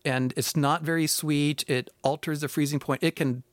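A man's voice: on the high side, fairly even intonation, moderate pace, no room sound. A middle-aged man, a food science professor, answering callers on a radio show with many restarts and fillers.

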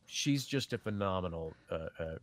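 A man's voice: low voice, moderate pace, dry recording. A man who narrates audiobooks, talking casually and thoughtfully about his work, often restarting sentences. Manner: thoughtful, many restarts, quotes others in lively voices. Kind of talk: conversational panel talk.

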